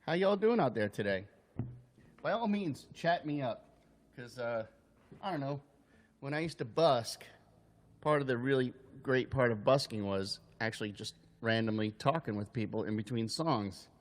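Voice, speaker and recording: A man's voice: mid-range voice, animated, moderate pace, big-room sound. A man livestreaming as a busker, singing and chatting loosely with his viewers, joking and swearing casually. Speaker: busker hosting a live stream. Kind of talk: live-streamed singing and chat with viewers. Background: his own acoustic guitar.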